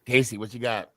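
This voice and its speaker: A man hosting a casual sports podcast, hoarse and short of voice, calling on each guest in turn. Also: medium pitch, fairly bright tone, no room sound. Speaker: podcast host.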